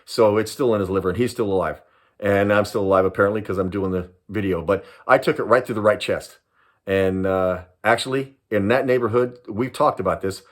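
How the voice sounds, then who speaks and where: Lively older man telling a war story. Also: low-pitched. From Southern California. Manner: animated, dramatic storyteller who acts out voices and laughs. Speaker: retired police sergeant and private investigator. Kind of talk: personal storytelling to camera.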